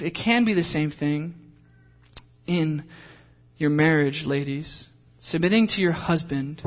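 A man preaching a sermon as pastor, emphatic, posing pointed questions to the congregation and moving between loud fervent passages and quiet asides. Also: fairly high pitch.

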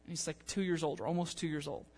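A young man preaching a sermon in a church in a casual, animated way, acting out the people he quotes. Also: a little high, fast. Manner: animated, conversational, acts out quotes. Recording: long church-hall reverb.

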